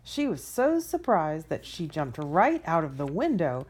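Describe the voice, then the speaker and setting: An expressive woman reads a children's story aloud. She takes her time, and her low voice moves widely up and down. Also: a little slow.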